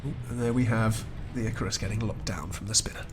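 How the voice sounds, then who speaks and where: A man's voice: lowish voice, quick pace. A man giving chatty, wry play-by-play commentary on a strategy game match as the host, chuckling often. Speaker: esports caster.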